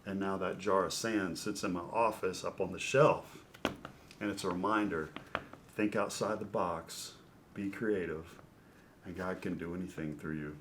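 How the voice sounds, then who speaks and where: A middle-aged man with a fairly low voice tells an animated story as a podcast guest. He talks like a natural storyteller, building up his excitement before settling into a reflective close. A faint low rumble sits behind him. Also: moderate pace. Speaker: podcast guest, former pitcher and baseball announcer.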